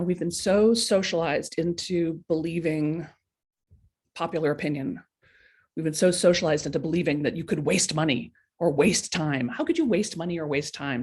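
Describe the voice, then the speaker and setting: A woman's voice: low voice, normal speed, breathy edge. A woman hosting a live coaching stream, talking bluntly and casually to viewers and acting out the voices in their heads. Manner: lively, blunt, talks straight to viewers, acts out inner voices. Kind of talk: casual motivational talk. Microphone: webcam or laptop mic for a live stream.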